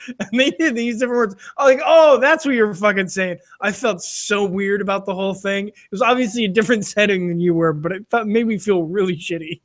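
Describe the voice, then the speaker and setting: Higher-pitched, self-deprecating man in his thirties. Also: fairly quick, fairly bright tone. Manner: self-deprecating, laughing storyteller. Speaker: podcast co-host. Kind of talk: casual chat.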